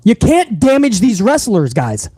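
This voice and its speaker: A man's voice: sits high, huge pitch swings, unhurried, warm tone, breathy edge, dry recording. A man hosting a wrestling livestream, talking casually and profanely straight to his viewers.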